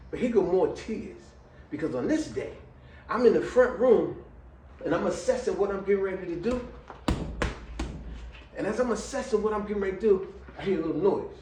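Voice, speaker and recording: A middle-aged man telling a personal story to viewers, lively and full of slang, swinging between loud exclamations and quiet asides and laughing often. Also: a little high, slight background noise. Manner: casual American slang, addresses viewers as y'all. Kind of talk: animated storytelling monologue. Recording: roomy, a little distant from the mic.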